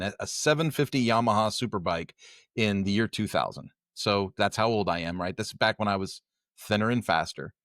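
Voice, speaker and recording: A man's voice: fairly low pitch, a bit bright, dry recording, clean studio sound. A middle-aged man co-hosting a podcast, telling a long story in casual chat and acting out the dialogue he quotes. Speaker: podcast co-host.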